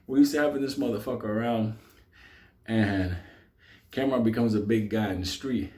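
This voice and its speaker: A man telling a neighborhood story casually, profane and animated, laughing often. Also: on the low side, normal speed, echoey room.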